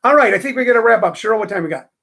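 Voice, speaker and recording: A man from St. Louis hosts a casual live-streamed comedy show, chatting loosely and wandering off on tangents. His voice sits fairly high, with a gravelly rasp. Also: animated, very fast, bright, forceful tone. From St. Louis, Missouri. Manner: rambling, chatty, self-interrupting.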